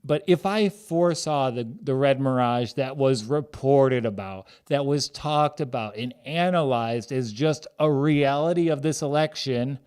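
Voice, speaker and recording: Smooth-voiced jokey male podcast host. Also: medium pitch, measured pace, few pauses, a little mellow. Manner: jokey, rambling, laughs at own jokes. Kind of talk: casual comedic sports-betting chat.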